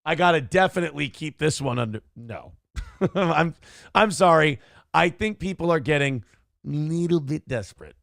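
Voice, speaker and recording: A man in his thirties chats on a livestream, reading viewers' donation messages and laughing them off. His voice sits a little high and carries a gravelly rasp. The sound is close and dry, with no room echo. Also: a bit bright. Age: 30s. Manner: laughing, bantering, evasive. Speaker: livestream host.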